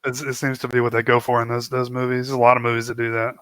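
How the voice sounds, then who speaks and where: A man's voice: medium pitch, monotone, very fast, fairly bright tone, dry recording. A man co-hosting a movie podcast, laid-back, chiming in with short agreeing replies. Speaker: podcast co-host. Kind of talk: casual movie discussion.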